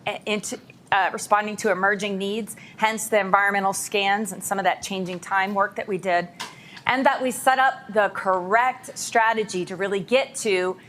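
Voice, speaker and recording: A woman's voice: medium pitch, fairly bright tone. A woman leads a workshop for a county board in a meeting room. She talks in a loose, conversational way and now and then drops into mock voices of grumbling staff. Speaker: presenter from a school of government.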